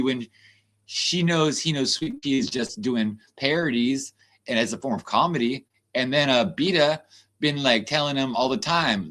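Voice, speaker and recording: A man's voice: medium pitch, fairly bright tone. Profane, exasperated male livestreamer. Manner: profane, fast-shifting, exasperated. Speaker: livestream host. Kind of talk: casual heated rant.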